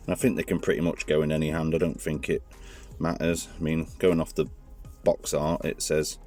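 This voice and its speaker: A man's voice: extremely low pitch, flat delivery, brisk, a little mellow, faint music behind. A man casually reviewing toys hands-on, chatty and rambling, often correcting himself mid-sentence. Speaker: toy reviewer.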